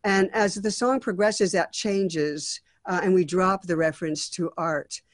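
A woman's voice: on the low side, unhurried, no room sound. A woman acting as a songwriting mentor, giving thoughtful feedback on a song draft with frequent restarts and fillers.

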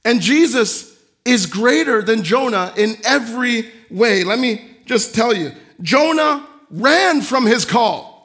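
High-pitched, slow-preaching male pastor. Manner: animated preaching, acting out quoted voices, swinging from loud to soft. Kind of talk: sermon.

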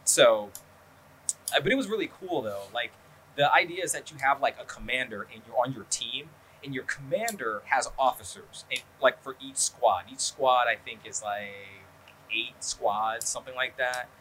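A man hosts a podcast in loose, rambling chat, swearing freely and leaning on fillers. His voice is bright and forward, at a middling pitch. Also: moderate pace, a little hiss or hum. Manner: rambling, profane, lots of fillers. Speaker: podcast host. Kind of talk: casual chat.

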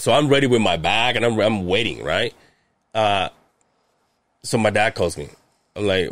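Brief: male podcast host, animated storyteller, curses freely, dead-dry close sound. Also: on the low side, moderate pace, long pauses, no echo. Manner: animated, swears a lot, acts out quotes. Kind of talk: casual storytelling chat.

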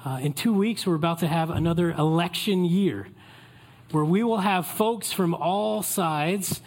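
Pastor, playful sermon. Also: male voice, sits high, a little slow, a little mellow. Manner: playful, joking asides to the congregation.

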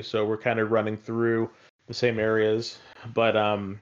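A man's voice: on the low side, fairly even intonation, normal speed, highs cut off. A man talking in a casual, rambling way about games he has been playing, with many fillers and restarts. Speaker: podcast co-host.

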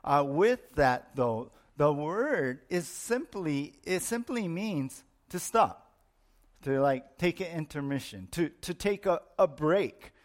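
A man's voice: fairly high pitch, expressive, slow. A middle-aged man, a pastor, preaching a sermon in an explanatory teaching manner, repeating his points for emphasis.

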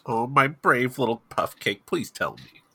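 A man's voice: mid-range voice, big pitch swings, unhurried, pushed and bright, husky, full character voice. A man voicing a fussy, formal young man who stammers and speaks in prim, eager phrases. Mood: polite.

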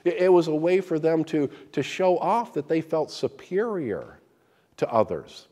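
In a slightly high voice and at a slightly slow pace, a man delivers a sermon, unpacking scripture with folksy anecdotes. He tells them animatedly, often restarting and repeating words.

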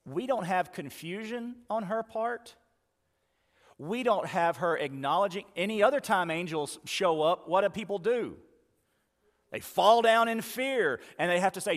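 A male pastor preaching a sermon, retelling scripture with dramatic pauses and slowing on key words. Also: high-pitched, expressive. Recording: long reverb of a church hall.

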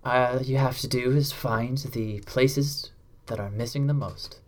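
A man narrating a tabletop game as game master, describing scenes in a measured, descriptive way. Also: mid-range voice, steady tone. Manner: descriptive, slows down for atmosphere.

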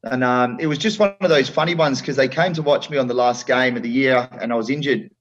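A middle-aged man speaks bluntly and with passion, in an earthy, plain-spoken way full of restarts. His voice sits at a medium pitch and comes over a somewhat dull, lo-fi remote line. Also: fast talker. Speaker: former footballer guest. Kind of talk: casual interview chat.

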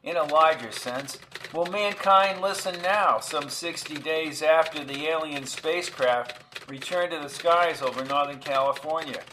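A man's voice: on the high side, measured pace, background noise. Man narrating a dramatic story.

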